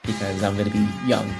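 A man's voice: lowish voice, creaky. A man in his thirties hosting a racing talk podcast, upbeat and rambling, often addressing listeners as folks. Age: 30s. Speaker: podcast host. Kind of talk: casual show wrap-up chat.

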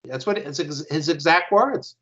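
A man's voice: on the high side, animated, normal speed, fairly bright tone. A man speaking earnestly and reflectively as a co-host in a casual interview. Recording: dull muffled audio.

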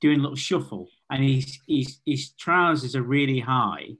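A man in a relaxed comic chat, building a silly scene detail by detail. He fills his talk with "like" and "kind of." His pitch is ordinary for a man. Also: moderate pace. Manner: vivid, detailed describing with many "like"s. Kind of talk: casual comedic chat.

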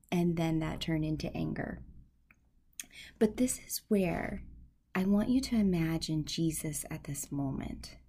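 Soft-spoken, husky woman leading a devotional. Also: deep voice. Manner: soft, slow and earnest, often breathy and half-whispered. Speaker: podcast host. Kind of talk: devotional podcast talk with prayer.

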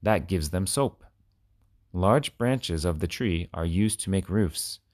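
A deep-voiced man reads children's stories aloud in a clear, expressive storybook manner. His pitch swings widely as he goes, and the recording is close and dry with no room sound. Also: slow pace, dry recording. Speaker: reader.

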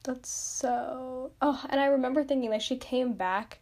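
Chatty young woman, slightly high voice. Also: steady tone, a little slow, darkish tone. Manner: chatty, lots of "like", self-mocking. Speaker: podcast host. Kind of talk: casual storytelling monologue.

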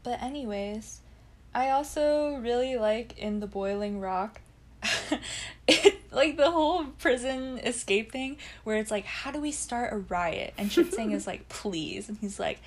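A woman's voice: a little high, lively intonation, measured pace. A young woman co-hosting a podcast in casual chat. She talks about a show, laughs often and acts out the characters' lines. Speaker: podcast co-host.

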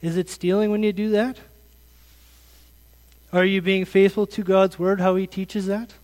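A man in his thirties gives an earnest sermon with a fairly high voice. He keeps asking his listeners direct questions. His words ring out in a hall with a long echo. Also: little pitch movement, a little slow, darkish tone. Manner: questioning, earnest, conversational preaching. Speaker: pastor.

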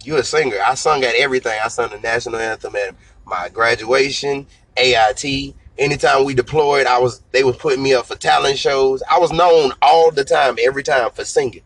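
A man in his thirties, a singer being interviewed, telling his story in a relaxed, slangy, conversational way. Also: medium pitch, a little fast, hardly any pauses, low-quality recording. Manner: relaxed storytelling, slangy, repeats "you know what I'm saying". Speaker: singer and guest.

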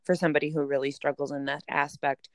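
A woman's voice: low voice, level tone, fast talker, no echo. A woman with a Minnesotan accent hosting a podcast, upbeat and affirming, with a self-deprecating streak. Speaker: podcast host. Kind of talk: podcast interview.

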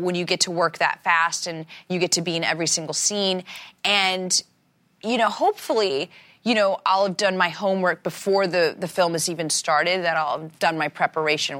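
A woman's voice: lowish voice, a bit bright. A woman, an actress, chatting as a talk-show guest, reflective and earnest, readily agreeing with her host. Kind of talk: casual interview chat. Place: TV studio set.

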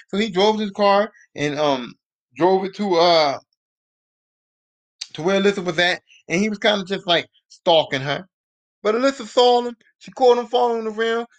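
High-voiced man recapping a show. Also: fairly bright tone. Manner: profane, rambling slang. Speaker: podcast host. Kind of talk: casual TV recap.

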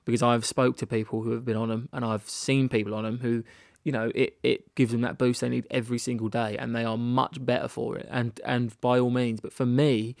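British male podcast host, young, gravelly tone, dry close sound, rambling and self-deprecating. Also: mid-range voice, flat delivery, brisk, a little mellow, dry recording. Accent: British English. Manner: rambling, frequent restarts and self-deprecating laughs. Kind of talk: candid solo podcast monologue. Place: rented holiday annex.

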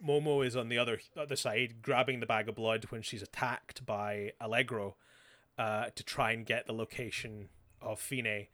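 A man's voice: medium pitch, steady tone, pushed and bright. A man, recapping a show as a podcast co-host in casual chat and acting out the characters' lines with sarcasm. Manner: sarcastic, acts out characters' lines in quick voices.

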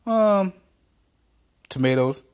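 A man voicing a nervous, deferential vice president who hesitates and fills pauses with ums. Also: high voice, expressive, clear, resonant tone, pitched above the performer's own voice, exaggerated voice. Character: timid, fumbling male vice president aide.

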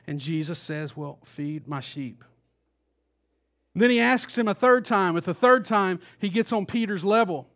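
Animated high-voiced male pastor preaching. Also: unhurried. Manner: animated, acts out quoted voices with rising intensity. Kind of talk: sermon.

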